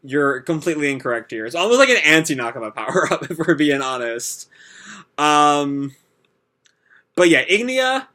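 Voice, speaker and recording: A man hosting a manga reaction, narrating each panel and giving his opinions. He rambles, with many fillers and restarts. His voice is a little high, bright and forceful. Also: sing-song, normal speed. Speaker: manga reaction video host. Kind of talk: reading a manga chapter aloud and commenting.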